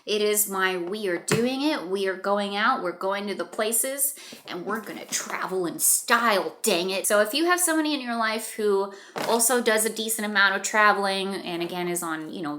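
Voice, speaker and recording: Bright, gushing woman vlogger. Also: mid-range voice, a little hiss or hum. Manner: chatty, gushing, rambling with fillers. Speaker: haul video host. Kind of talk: casual product showcase.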